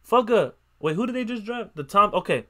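A young man hosting a casual basketball reaction video, excitable and slangy, swearing and breaking into loud outbursts. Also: sits high, fairly quick. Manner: slangy, repeats catchphrases. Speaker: YouTube reaction host.

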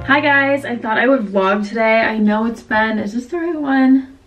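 A woman's voice: fairly high pitch, moderate pace, distant mic, highs cut off, soft background music. A heavily pregnant young woman chatting casually to her viewers, out of breath, with lots of "like" and small laughs. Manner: chatty, filler-heavy, laughs often. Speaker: vlogger. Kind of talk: casual vlog chat.

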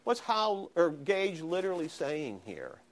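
A man lecturing a university history class, animated and questioning his students. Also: fairly high pitch, measured pace. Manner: animated, asks students questions, frequent "okay?". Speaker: history professor.

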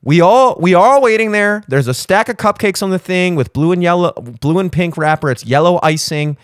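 A man's voice: high-pitched, fairly quick, clean tone, dry recording, studio quality. Rambling young man telling a story. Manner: rambling, animated storytelling with voiced asides. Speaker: podcast host. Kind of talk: solo casual chat. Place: home studio.

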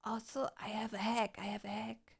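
A young woman streaming a game, chatting casually with her viewers and breaking into excited shouts. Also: fairly high pitch, normal speed, gravelly, slightly rough. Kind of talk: casual live-stream chat.

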